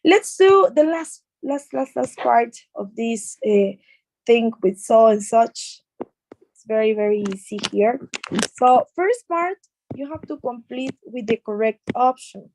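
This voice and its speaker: A woman's voice: fairly high pitch, lively intonation, unhurried, darkish tone, slight background noise, low-quality recording. A woman with a Mexican Spanish accent teaching an English class, explaining patiently with repeated words and fillers.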